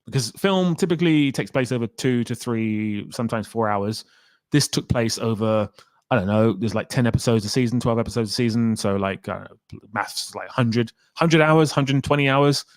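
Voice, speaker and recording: A man's voice: medium pitch, normal speed, dry recording. A man hosting a casual livestream, chatting and reading viewer comments aloud in a rambling way. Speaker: livestream host.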